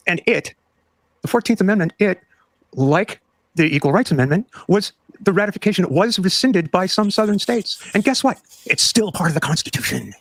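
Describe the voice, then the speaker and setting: A man's voice: high voice, expressive, normal speed. A man on a podcast earnestly explaining a point, lecturing with some restarts. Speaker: podcast co-host.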